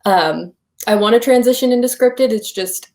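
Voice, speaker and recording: A woman's voice: fairly high pitch, normal speed, darkish tone. A young woman from Iowa with a Midwestern accent, a filmmaker guest chatting casually and upbeat, laughing often and saying "like" a lot. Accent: Midwestern American. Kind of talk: casual interview chat.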